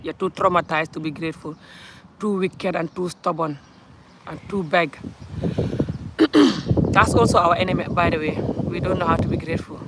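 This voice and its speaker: Heavy background noise surrounds this Gambian vlogger, a woman whose voice is on the low side, as she delivers a ranting monologue to camera in her Gambian accent. Her tone stays steady and her pace moderate, with frequent pauses, yet she's blunt and emphatic and laughs often.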